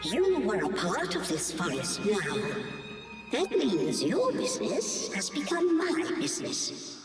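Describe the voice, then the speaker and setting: A woman's voice: mid-range voice, huge pitch swings, slow, roomy sound, long reverb tail, over loud music. An actress voicing a mysterious, cryptic female voice of the forest that speaks from the shadows in a video game cutscene. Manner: teasing, cryptic, knowing.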